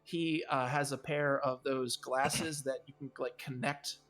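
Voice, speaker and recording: A man's voice: medium pitch, steady tone, a little slow, a bit bright. A man running a tabletop game as dungeon master, describing scenes with lots of fillers and restarts.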